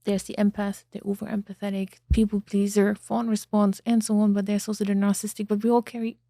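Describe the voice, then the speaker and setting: Mellow-voiced woman hosting an interview. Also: medium pitch, level tone, fast, vocal fry, dry recording, clean studio sound. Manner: reflective, searching for words. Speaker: podcast host. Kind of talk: interview conversation.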